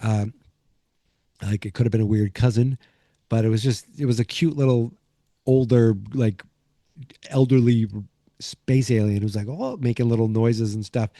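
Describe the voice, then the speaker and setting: A man's voice: medium pitch, steady tone, moderate pace, pauses often, warm tone, no echo, studio quality. A man hosting a podcast, recapping an episode in a loose, casual way, full of fillers and restarts. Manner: rambling, many fillers and restarts. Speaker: podcast host.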